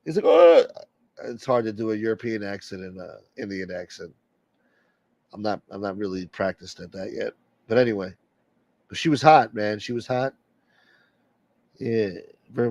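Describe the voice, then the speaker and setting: A man's voice: on the low side, moderate pace, long pauses, a little mellow, no room sound. A man hosting a late-night livestream and rambling bluntly through strong opinions in casual chat. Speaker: livestream host.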